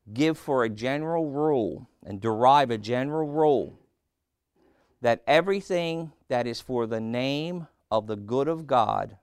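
A man's voice: medium pitch, clean tone, no room sound, clean studio sound. A man preaching a sermon, putting questions to his listeners and pressing each point. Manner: slow, emphatic preaching with questions to the congregation.

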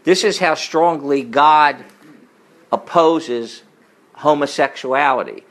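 A middle-aged man preaching a sermon full of personal stories. He talks emphatically, rising to forceful peaks and dropping into low asides. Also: slow pace, poor audio. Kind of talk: sermon with storytelling.

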